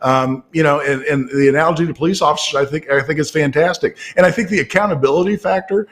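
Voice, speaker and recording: A middle-aged man from Indiana, a guest commentator in casual political talk, who speaks at length with many fillers and restarts and grows more animated as he makes a point. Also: a little high, fast talker. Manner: talkative, with frequent fillers and restarts.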